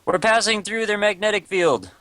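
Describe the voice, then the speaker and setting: Man reading as a commanding squadron leader pilot, fairly high voice, plain read-through delivery. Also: animated, normal speed, a bit bright, dry recording. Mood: steady orders. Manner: reads lines plainly, close to his own voice. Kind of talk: casual script read-through.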